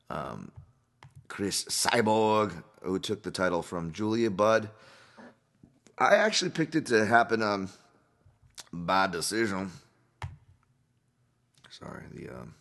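A man with a deep, low voice hosts a solo podcast and talks loosely through recent fight results. He rambles, goes off on tangents and swears without a second thought. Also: fairly bright tone. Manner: rambling, casual, swears freely. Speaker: podcast host.

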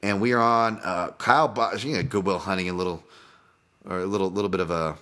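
A man's voice: deep voice, fast, pushed and bright. A man hosting a solo podcast, talking casually and rambling, with frequent swearing and self-interruptions. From Boston. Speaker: podcast host.

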